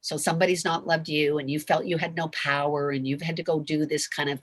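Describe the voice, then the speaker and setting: Husky heartfelt woman, dry close sound. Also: sits low, little pitch movement, a little fast, no echo. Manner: heartfelt, gushing, laughs often. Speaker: convention guest. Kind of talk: emotional Q&A talk.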